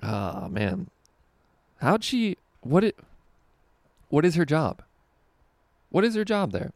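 A man's voice: on the high side, big pitch swings, takes it slowly, no echo, studio quality. A young adult man, a stand-up comedian hosting a podcast, telling stories in rambling, profane casual chat and laughing often.

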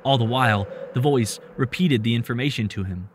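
A man reading a story aloud in a steady, measured narration. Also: medium pitch, very noisy.

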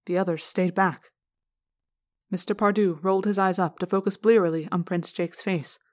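Woman reading a story aloud, steady. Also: fairly low pitch, moderate pace. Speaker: audiobook reader. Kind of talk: first-person audiobook narration.

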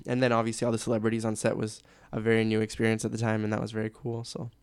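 A man's voice: lowish voice, completely flat delivery, very fast, a little mellow, clear, resonant tone, no echo. A young man from Canada, a sports announcer guest, chatting candidly and laughing easily. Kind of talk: casual interview chat.

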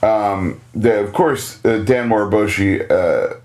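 A man co-hosting a podcast, chatting casually as he recaps a TV episode and jumps into high, playful quoting voices. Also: slow pace, darkish tone. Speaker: podcast co-host.

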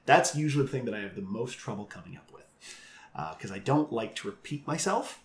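Male game master, animated chatter and frequent laughs, echoey room sound. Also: medium pitch, brisk. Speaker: game master of a live show. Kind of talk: casual interview chat.

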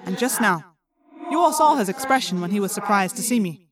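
A woman voicing a formal, measured male alien warrior in an audiobook. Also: mid-range voice, expressive, far from the mic, crowd noise, close to an everyday voice. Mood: accusing.

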